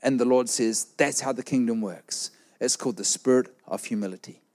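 A middle-aged man preaching a sermon, telling a personal story with lively acted-out voices. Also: medium pitch, fairly quick. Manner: animated storytelling, acts out quoted voices.

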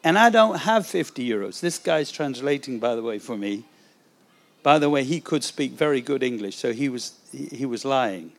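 A man, an evangelist, telling a testimony story in a sermon, animated and acting out the dialogue. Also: mid-range voice, normal speed.

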